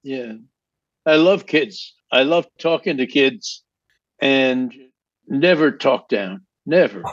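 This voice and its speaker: Slow, lively man, laughing often. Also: mid-range voice, no echo. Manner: laughs often, warmly emphatic. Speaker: guest songwriter. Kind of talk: casual interview chat. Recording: dull lo-fi, dry sound.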